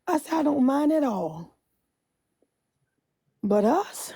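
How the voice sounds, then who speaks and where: A woman's voice: high voice, animated, normal speed, gravelly, warm tone. A woman bus driver venting with passion on a live phone stream, repeating herself and breaking into hymn lines.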